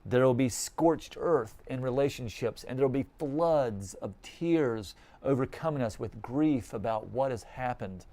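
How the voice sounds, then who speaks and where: Emphatic priest with a mellow voice. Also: male voice, mid-range voice, expressive. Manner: emphatic, slows down for stress. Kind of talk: sermon with Gospel reading.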